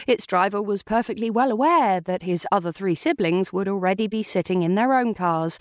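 A woman narrating an unabridged novel in a measured, dramatic storytelling manner. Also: medium pitch, no echo, studio quality. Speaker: audiobook narrator. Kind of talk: scripted narration.

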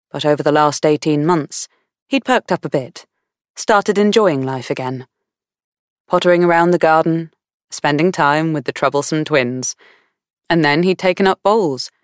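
A woman reading a novel aloud in measured, warm storytelling. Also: low-pitched, dry recording, clean studio sound. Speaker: audiobook narrator. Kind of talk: scripted narration.

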